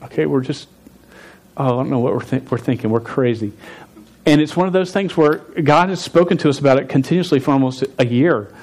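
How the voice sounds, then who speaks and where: A man in his forties telling a story in a sermon, animated, stumbling and restarting his words as he goes. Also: mid-range voice, fairly quick. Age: 40s. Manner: stuttering with frequent restarts. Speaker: pastor.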